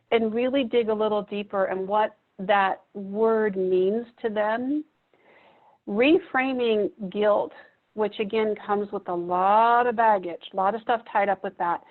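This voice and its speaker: A woman gives a reflective teaching talk to a room of therapists, putting questions to the audience. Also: medium pitch. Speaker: presenter at a training. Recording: muffled phone-like audio.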